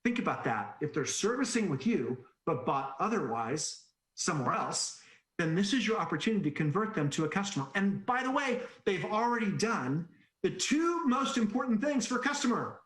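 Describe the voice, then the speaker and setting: Lively sales trainer man, roomy sound. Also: high-pitched, normal speed. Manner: animated storyteller, jokes and acts out quoted voices. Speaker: automotive sales trainer presenting a webinar. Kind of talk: energetic sales presentation with anecdotes.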